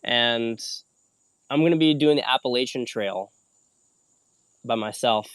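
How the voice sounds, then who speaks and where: A man's voice: mid-range voice, unhurried, fairly bright tone, no room sound. A young man hosting a casual solo video, chatting about an upcoming trek and then teaching a wine lesson, a little tired and rambling with many restarts. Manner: rambling, self-correcting, conversational teaching. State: a little tired after a long hike. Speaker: host.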